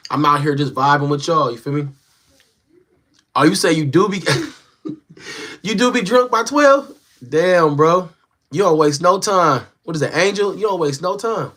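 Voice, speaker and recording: A man's voice: a little high, moderate pace, fairly bright tone. Young male streamer, casual and slangy, easygoing delivery. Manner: laid-back, slangy, talks straight to viewers. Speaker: livestreamer reading viewer comments. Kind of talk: casual live-stream chat. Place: small home room he built as a live-stream set. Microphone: phone.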